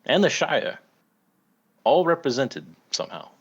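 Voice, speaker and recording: A man voicing a calm, diplomatic townsman in a measured way. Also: mid-range voice, husky, dull audio, voice pushed up. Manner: measured, slow.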